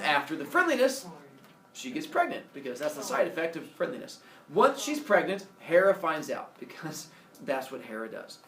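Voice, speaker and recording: Here a man with a fairly high pitch narrates a Greek myth like a comedic school lesson, lively and doing goofy voices for each of the characters. Faint ambience and a bit of hiss or hum come through, with the mic distant in a reverberant room.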